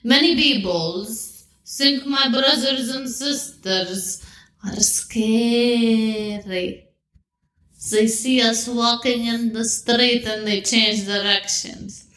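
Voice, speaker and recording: A woman doing a solemn host with a thick put-on Arabic accent. The voice is bright and fairly high, the delivery slow and formal. It sounds like a roomy, echoey space. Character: earnest Middle Eastern podcast host greeting viewers.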